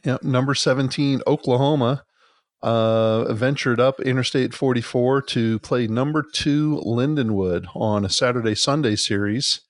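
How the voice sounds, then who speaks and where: A man's voice: mid-range voice, unhurried, no echo, clean studio sound. A man hosting a casual sports podcast, teasing his co-host in a jokey manner and often restarting his words. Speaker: podcast host, league commissioner.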